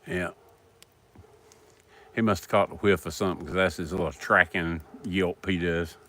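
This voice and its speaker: A middle-aged South Carolina man with a Southern accent hosts a casual live stream outdoors by a fire at night, dogs audible in the background. His voice sits low and fairly bright with a steady tone at normal speed, and he rambles folksily to his viewers.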